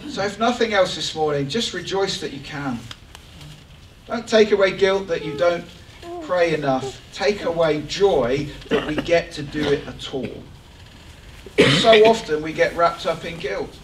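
High-voiced animated man preaching in an echoey hall. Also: a little slow, a little hiss or hum. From England. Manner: animated, joking, rising excitement. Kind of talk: sermon. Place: church hall. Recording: echoey church hall from far off.

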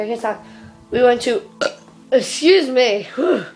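A woman's voice: a little high, moderate pace, darkish tone, soft background music. A young woman chatting casually to her camera for a vlog, giggly and given to casual swearing, filming herself indoors and then out in a windy yard. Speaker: vlogger.

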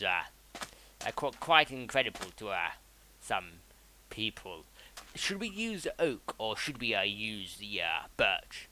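A man's voice: fairly low pitch, very animated, measured pace. A man chatting casually as he streams a game, rambling and answering his chat. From south of England. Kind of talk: casual live-stream commentary while gaming. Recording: loud background noise with mouse clicks.

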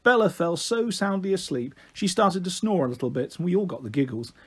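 A man reading a children's novel aloud in an expressive, animated way. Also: high-pitched, brisk, breathy edge. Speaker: storyteller.

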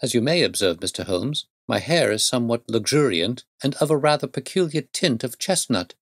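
A man's voice: medium pitch, animated, slightly rough, dry recording, clean studio sound. A man reading as a proud young governess. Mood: earnest. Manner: measured, formal storytelling. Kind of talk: audiobook reading.

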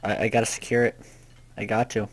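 A young man giving casual gameplay commentary, rambling and swearing, often panicking out loud. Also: fairly low pitch, flat delivery, a little fast. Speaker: gaming youtuber.

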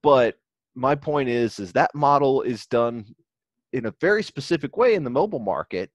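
Man, podcast co-host, casual chat, rambling, restarts sentences, middle pitch. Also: expressive, moderate pace, dry recording, lo-fi sound. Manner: rambling, restarts and trails off mid-thought.

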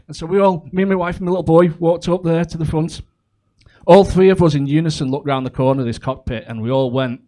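A man's voice: a little high, expressive, quick pace. A man performing a crude, chatty stand-up comedy set, full of ums and asides. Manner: chatty, crude, with frequent fillers.

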